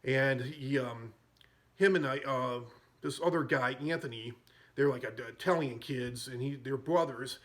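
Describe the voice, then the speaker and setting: A man's voice: mid-range voice, unhurried, fairly bright tone. A man hosting a podcast, casually retelling film scenes in a rambling way and chuckling as he goes. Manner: rambling, chuckles at his own stories. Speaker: podcast host.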